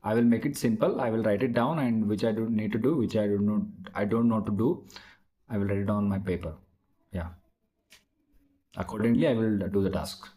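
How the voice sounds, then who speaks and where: A man with a mellow, soft-edged voice practices spoken English out loud. He talks haltingly, searches for words and restarts his sentences often as he works through each answer. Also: lowish voice, steady tone, poor audio. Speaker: English learner practicing speaking.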